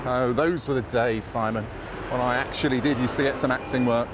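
A man's voice: mid-range voice, steady tone, brisk, background noise. A man with an English accent guiding a casual walking tour, rambling and chatty with a self-mocking streak, recorded outdoors on a city street. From England.

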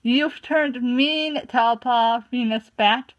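A woman's voice: high-pitched, animated, unhurried. Fiery young she-cat apprentice, read by a woman. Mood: indignant. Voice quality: indignant, sharp. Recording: muffled lo-fi recording.

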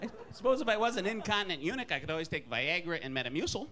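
A man from Wisconsin doing a wry, self-deprecating stand-up comedy set, jumping into high put-on voices for characters. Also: lively intonation, very fast, noisy background.

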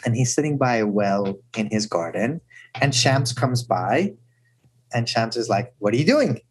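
Husky, animated man telling stories. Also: on the low side, a little slow, low-quality recording. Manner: animated storyteller who often asks "right?". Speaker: guest speaker. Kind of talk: storytelling talk.

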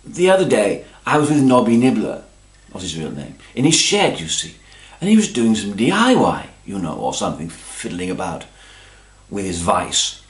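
A man's voice: lowish voice, wildly swooping pitch, moderate pace, echoey room. A man telling a long-winded, pompous comic story, forever adding little asides. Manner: long-winded, pompous, constantly adding "you see" and "you know". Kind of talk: rambling comic monologue.

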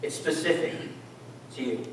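A man preaches at a moderate speed, talking with the congregation in a relaxed way and asking them questions. The church hall echoes, the mic is distant, and there's slight background noise.

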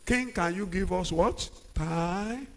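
A middle-aged man preaching a sermon, using call-and-response and swinging from quiet talk to shouts. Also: high voice, takes it slowly, vocal fry. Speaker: pastor. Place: large church hall. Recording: long church-hall reverb.

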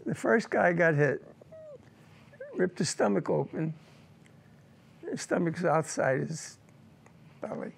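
Gravelly older veteran recalling war. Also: male voice, fairly high pitch, expressive. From United States. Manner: emotional, halting recollection with repeated words. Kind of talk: personal war testimony.

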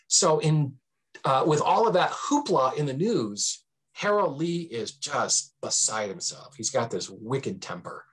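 A husky-voiced man, a history professor appearing as a guest, tells history stories conversationally. He's animated, swinging his pitch for emphasis, with frequent fillers and restarts.

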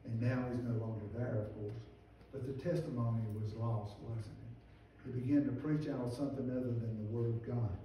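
Pastor, earnest pleading sermon delivery, mellow voice, heard from afar in a very roomy church. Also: male voice, mid-range voice, steady tone, normal speed, slight background noise. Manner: earnest preaching with rising, pleading outcries. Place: church sanctuary. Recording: distant, very echoey church recording.

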